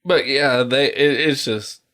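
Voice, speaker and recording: A man's voice: medium pitch, unhurried. A man hosting a podcast in casual chat, ranting and telling stories with lots of swearing. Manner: profane, ranting, animated storytelling. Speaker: podcast host.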